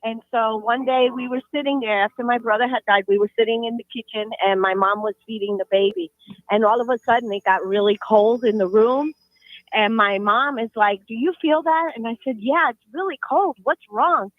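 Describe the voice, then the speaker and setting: A woman's voice: a little high, fairly even intonation, brisk, dry recording. A woman calling into a radio show, earnestly telling a true story. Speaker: caller. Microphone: phone. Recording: tinny phone line.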